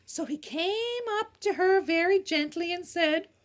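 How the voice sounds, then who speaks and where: High, playful woman reading a story. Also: unhurried. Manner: chatty, with silly asides and giggles. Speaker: storyteller host. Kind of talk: casual storybook read-aloud.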